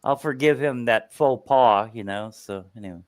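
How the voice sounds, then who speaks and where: A man's voice: medium pitch, normal speed, smooth, no echo. A man telling a story in casual chat, laid-back and rambling, filling gaps with "you know".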